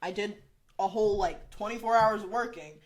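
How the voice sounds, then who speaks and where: A young woman with a mid-range voice hosts a podcast, speaking a little fast. She tells a story in a chatty, exasperated way, dropping "like" constantly as she goes.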